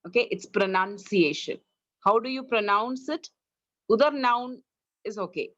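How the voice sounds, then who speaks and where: A woman's voice: on the high side, moderate pace, a bit bright, dry recording, highs cut off. Indian woman teaching an online English class. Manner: corrects pronunciation, drills students. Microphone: online class, video call.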